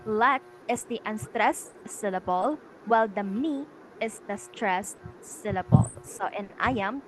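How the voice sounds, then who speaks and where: A woman's voice: medium pitch, slow, a little hiss or hum, rough recording. A young woman student with a Filipino English accent presenting a lesson, explaining step by step with many "okay, so" restarts. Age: young adult. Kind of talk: classroom lecture presentation.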